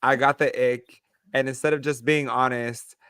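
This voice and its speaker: A man co-hosting a casual podcast, telling stories with lively quoted voices. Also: mid-range voice, moderate pace, clear, resonant tone, dry recording. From Mexican-American. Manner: animated storyteller, acts out quoted voices. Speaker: podcast co-host. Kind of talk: casual chat.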